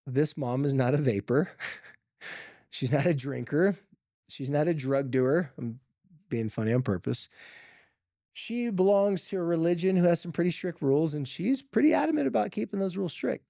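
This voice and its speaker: A man tells a story on his podcast in a loose, chatty way, slipping into the voices of the people he describes. His tone is mellow and warm, a little higher than most men, and the recording is close and dry with no room sound. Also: moderate pace, vocal fry, long pauses, no room sound. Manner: casual, lively retelling with quoted voices and filler words. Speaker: podcast host. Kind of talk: storytelling monologue.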